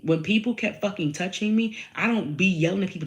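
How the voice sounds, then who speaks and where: A woman's voice: mid-range voice, fairly quick. A woman talking straight to her viewers in a candid monologue, blunt and profane, hammering her points home by repeating them in slangy talk. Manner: addresses viewers directly, slangy. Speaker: vlogger.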